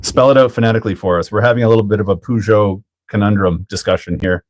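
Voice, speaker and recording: A man's voice: on the low side, quick pace. A man hosting a hobby livestream in casual chat, joking, laughing often and answering chat as he builds a kit.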